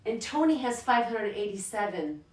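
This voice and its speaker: A woman's voice: fairly high pitch, big pitch swings, normal speed. A woman teacher giving a recorded math lesson to children at home, upbeat and encouraging, calling them friends. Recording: echoey room, mic at a distance.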